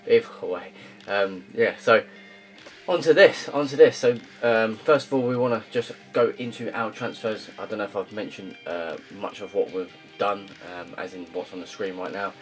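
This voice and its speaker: A young man giving casual, rambling commentary on his football game career, full of ums and uhs, with loud upbeat greetings. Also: low-pitched, fairly even intonation, normal speed, hardly any pauses. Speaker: gaming YouTuber. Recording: faint guitar music behind.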